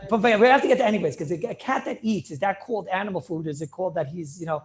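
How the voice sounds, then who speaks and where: A man, a rabbi, giving a lively class, asking questions, laughing often and repeating words as he restarts. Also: high-pitched, very fast. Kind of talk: lively Talmud class lecture.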